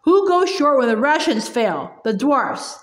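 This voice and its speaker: A woman's voice: high voice, very animated, measured pace. A woman reading the part of a bitter, defiant male dwarf in a cold, snapping manner, in a roomy space. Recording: roomy echo.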